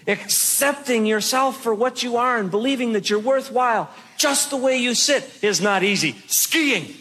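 A man doing a stand-up comedy routine on stage, telling animated stories to the audience and asking them questions. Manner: animated storytelling, mimics others with shouted high voices. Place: stage before a live audience.

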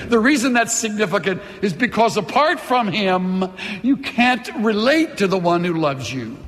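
Male pastor, emphatic sermon, animated high voice, church hall echo. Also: normal speed. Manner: impassioned, emphatic, leads call-and-response. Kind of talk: sermon with altar call. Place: church sanctuary.

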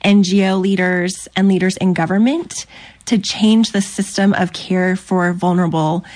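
A woman's voice: fairly low pitch, fairly even intonation, normal speed, darkish tone. A woman psychologist, a guest on a radio interview, explaining her family's work in a grateful, friendly way.

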